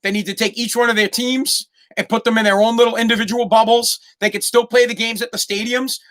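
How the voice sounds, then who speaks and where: New guy ranting on his podcast, swears nonstop, bright punchy voice. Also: very high-pitched, flat delivery, a little fast. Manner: heated, ranting, swears constantly. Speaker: podcast host. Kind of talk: profane solo podcast rant.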